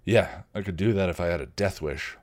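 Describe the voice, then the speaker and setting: Guy playing a smirky vampire, low and dry, teasing everyone. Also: a little fast. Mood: wry. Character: sardonic male vampire, wry and teasing.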